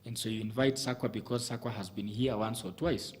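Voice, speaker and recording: A man's voice: medium pitch, steady tone, a little fast. A man giving communication advice in a TV studio, speaking methodically, listing his points and often restarting his sentences. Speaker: communication coach guest.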